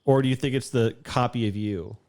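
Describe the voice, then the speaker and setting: A man's voice: mid-range voice, a little fast, a little mellow. A man reading a visual novel aloud during a let's play, mixing the narration with joking asides and laughs.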